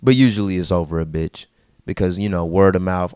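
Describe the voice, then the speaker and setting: A man ranting casually to camera in a vlog, slangy and repetitive, dropping to low mutters and jumping to high outbursts. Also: fairly quick, a little mellow, clean tone, no echo, clean studio sound. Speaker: vlogger.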